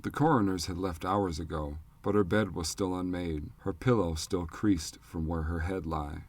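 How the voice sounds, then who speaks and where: A man narrating an audiobook in a measured, even storytelling manner on a close studio mic. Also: low voice. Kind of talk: scripted narration.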